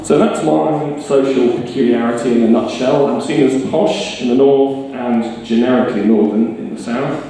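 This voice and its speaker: A man's voice: medium pitch, steady tone, normal speed, few pauses, warm tone, far from the mic, a little hiss or hum. A middle-aged man from Northeast England with a mild northern accent, giving a wry, self-deprecating talk to a live audience. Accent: mild northern English. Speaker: storytelling speaker. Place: bar. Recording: roomy bar sound from afar.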